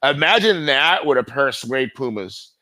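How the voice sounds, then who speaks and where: A middle-aged man with a bright, forceful voice, spinning loose stories as an interview guest. He rambles, swears freely and leans on fillers, in a dry, close recording. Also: mid-range voice, lively intonation, moderate pace, no room sound. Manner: rambling, profane, heavy with fillers. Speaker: guest skateboarder. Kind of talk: casual storytelling interview.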